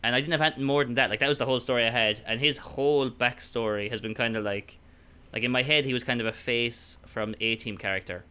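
Irish man, casual chat, bright tone, rambling with fillers. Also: medium pitch, steady tone, fast, few pauses, clean tone. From Ireland. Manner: rambling, full of fillers and restarts. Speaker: podcast guest, tabletop player.

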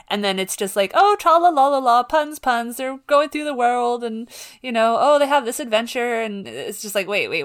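A young woman co-hosting a casual podcast book discussion, chatty and animated, often restarting sentences and acting out quotes. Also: mid-range voice. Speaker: podcast co-host.

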